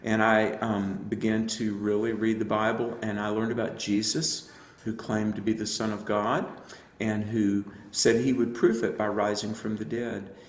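A man's voice: lowish voice, little pitch movement, normal speed, roomy sound. A man who is an evangelist, telling his personal faith story in an earnest, reflective way with frequent fillers. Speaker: evangelist and apologist guest. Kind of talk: personal testimony in a radio interview.

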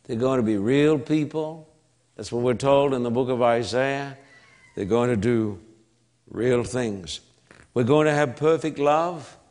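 A man with an Australian accent preaching a sermon, emphatic and repetitive, with long pauses between phrases. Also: mid-range voice, darkish tone.

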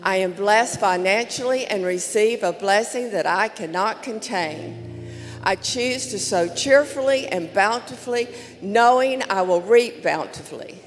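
A woman pastor leading the offering in a church service, reading a declaration slowly and with emphasis. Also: medium pitch, soft background music. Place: large church sanctuary. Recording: long hall reverb.

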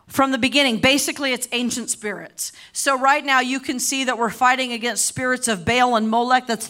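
A middle-aged woman preaching a sermon, impassioned and repeating herself often, rising to shouted declarations. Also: on the high side. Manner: repeats and restarts words often.

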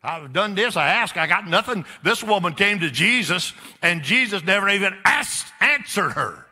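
A man's voice: high voice, very animated, normal speed, sharp tone, slightly rough. A man preaching a sermon in a church, emphatic and repetitive, turning often to question the congregation. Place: church sanctuary. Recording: echoey church hall.

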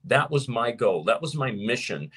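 A man preaching and teaching to his viewers as host of his show, emphatic, slowing down to stress points. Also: mid-range voice, slightly rough. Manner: animated and emphatic, slows down to stress key points. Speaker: preacher hosting a live show. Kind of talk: sermon-style teaching to a live audience.

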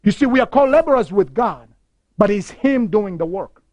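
A man's voice: sits high, animated, moderate pace, a little mellow, no room sound. A man preaching a broadcast sermon, telling stories with passion and repeating key phrases. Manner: impassioned storytelling with repeated phrases.

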